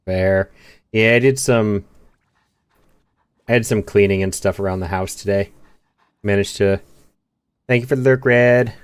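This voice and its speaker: A man streaming a video game, chatting in a relaxed, wry way with his viewers. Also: on the low side, unhurried, pauses often, smooth, dry recording. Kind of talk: casual gaming stream chat.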